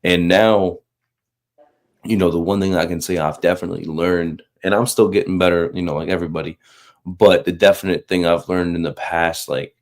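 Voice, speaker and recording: Deep-voiced guy in his 30s telling a story, lots of um and you know, jumps into other people's voices. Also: normal speed. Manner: animated, acts out quoted voices, many fillers. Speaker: Marine recruiter. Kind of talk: casual storytelling about faith.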